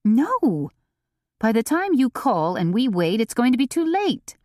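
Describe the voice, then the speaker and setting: A woman voicing a determined, excitable amateur sleuth who pleads and presses urgently in an audiobook. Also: fairly high pitch, unhurried, no room sound, studio quality, pitched above the performer's own voice.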